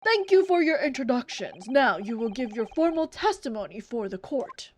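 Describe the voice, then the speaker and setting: A woman's voice: fairly high pitch, sing-song, normal speed, a little hiss or hum. A woman voicing a formal, authoritative male judge presiding over a court. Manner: formal, commanding.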